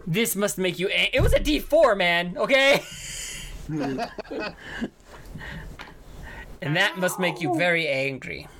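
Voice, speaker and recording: A game master runs the table with a bright, lively voice that swings up and down as the scene unfolds. The delivery is loose and laughing, often restarting mid-sentence. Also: medium pitch, measured pace, slight background noise.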